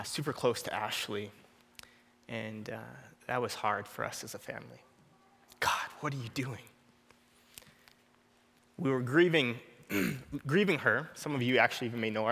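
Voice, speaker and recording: A man's voice: mid-range voice, creaky, pushed and bright, in a large hall. A man in his thirties preaching an earnest, personal sermon, often repeating a short prayer.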